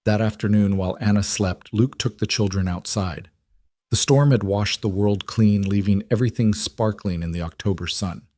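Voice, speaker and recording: A man narrating a scripted story in an even, measured way. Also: lowish voice, no echo, studio quality.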